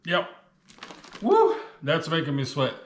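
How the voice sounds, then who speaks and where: A man's voice: medium pitch, slow pace, a bit bright, roomy sound. A man casually reviewing spicy chips on his vlog, chatting with his mouth full while the heat burns. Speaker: food reviewer.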